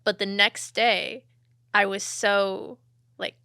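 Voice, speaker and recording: A young woman hosting a podcast, chatting casually and laughing between phrases, her voice trailing off softly. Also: mid-range voice, flat delivery, takes it slowly, clear, resonant tone, dry recording, clean studio sound. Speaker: podcast host. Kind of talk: casual interview talk.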